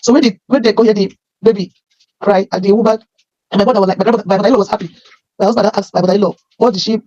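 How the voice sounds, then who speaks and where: A woman with a Nigerian accent telling her life story as emotional personal testimony, halting and often repeating her phrases. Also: medium pitch, steady tone, warm tone, dry recording, highs cut off.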